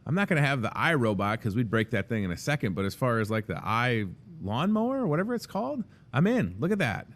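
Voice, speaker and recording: A man's voice: mid-range voice, very animated, quick pace, hardly any pauses, fairly bright tone. A man in his thirties hosting a casual show from a grocery store café, jokey and rambling. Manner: jokey, rambling, self-deprecating. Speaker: host. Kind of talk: casual chat.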